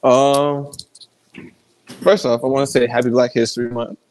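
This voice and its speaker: A man with an average-pitched voice joins a podcast chat while walking around at work. He sounds a bit winded as he talks things through in a reflective way. His pauses and light laughs keep the tone relaxed. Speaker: podcast co-host.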